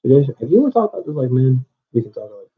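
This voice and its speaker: A man's voice: medium pitch, sing-song, very fast, slightly rough. A man who owns a small wrestling channel, delivering a confrontational, rambling call-out to a rival with frequent restarts. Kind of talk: call-out video rant. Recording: dull lo-fi recording.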